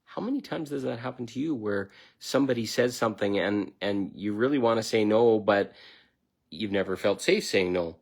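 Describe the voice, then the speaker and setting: Middle-aged man, self-help talk, gravelly, blunt, emphatic, swears freely. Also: lowish voice, normal speed. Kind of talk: motivational self-help monologue.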